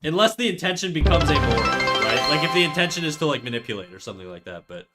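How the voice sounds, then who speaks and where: A man's voice: fairly high pitch, big pitch swings, quick pace, loud music behind the voice. A young man streaming live, chatting casually with his viewers in a rambling, swearing way while stuffed up with a cold. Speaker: livestreamer. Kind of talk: casual livestream chat.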